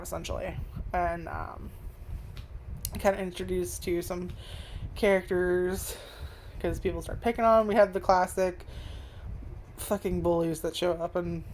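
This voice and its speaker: A woman's voice: fairly low pitch, darkish tone, slight background noise. A woman reviewing an anime at home in front of a webcam, rambling and swearing with lots of fillers. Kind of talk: casual video review. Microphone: webcam zoomed in on face.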